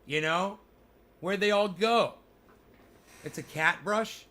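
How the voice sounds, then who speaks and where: A man with a high, bright voice doing casual live commentary for his viewers. He rambles, swears freely and talks loosely to his chat. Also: slow, pauses often, slight background noise. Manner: rambling, profane, talking to chat. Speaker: crypto livestreamer.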